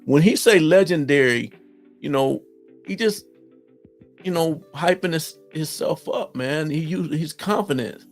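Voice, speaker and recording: A middle-aged man from Ohio with an Ohio accent, hosting a casual live-stream chat, reading viewer comments and answering them in an animated, folksy way. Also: on the high side, unhurried, faint music behind. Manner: animated, talks straight to viewers, folksy slang.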